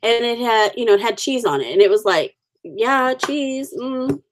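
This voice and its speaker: A woman's voice: fairly high pitch, expressive, normal speed, noisy background. A woman in her forties hosting a casual livestream, chatting with viewers in a rambling, friendly way with many fillers. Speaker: livestream host. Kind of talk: casual live chat with viewers.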